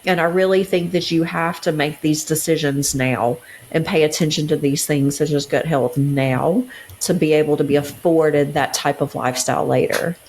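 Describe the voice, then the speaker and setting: A woman's voice: sits low, steady tone, normal speed, a little mellow, a little hiss or hum, rough recording. A middle-aged woman co-hosting a podcast, speaking in an earnest, heartfelt and reflective way in casual conversation. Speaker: podcast co-host. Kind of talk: casual chat.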